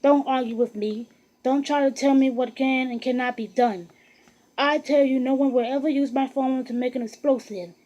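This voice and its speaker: A vehement middle-aged scientist, as a woman reader voices him, shouting in clipped bursts. The pitch sits fairly high, with an audiobook reading feel. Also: steady tone, moderate pace. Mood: angry.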